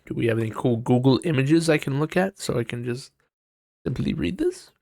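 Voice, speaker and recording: This solo podcast host has an animated, mid-range voice that runs a little fast, with a gravelly, darkish tone. The recording is clean studio audio with no echo. He reasons aloud over his reading, swears a lot, and plays quoted figures in exaggerated voices.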